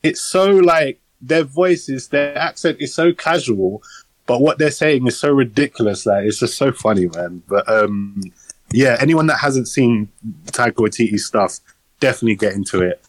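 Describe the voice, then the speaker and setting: A man's voice: medium pitch, normal speed, no echo, low-quality recording. A young man co-hosting a casual podcast, rambling with lots of fillers and casual swearing, recorded on a phone. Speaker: podcast co-host. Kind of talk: casual chat.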